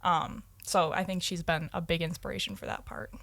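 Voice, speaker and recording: A young woman recently out of university answers interview questions in a relaxed, rambling way. Her voice sits a bit low, recorded close and dry with no room sound. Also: normal speed, vocal fry, no room sound. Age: young adult. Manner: talkative, frequent "like" fillers. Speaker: guest, recent university graduate. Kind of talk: casual interview chat.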